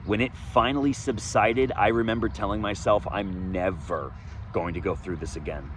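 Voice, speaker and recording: A man telling his own story in a candid, profane monologue outdoors, swinging between loud emphasis and low muttering. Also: fairly even intonation, normal speed, a little hiss or hum. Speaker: vlogger sharing his recovery story. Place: outdoors, sunny day.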